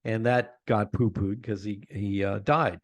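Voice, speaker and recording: A man guesting on an interview podcast, telling animated stories about his own show and laughing often. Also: on the low side, a little slow, dry recording. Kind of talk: conversational interview.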